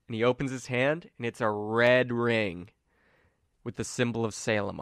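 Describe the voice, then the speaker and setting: A man narrating as game master in a relaxed way, with many fillers. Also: medium pitch, moderate pace, smooth, no room sound, studio quality.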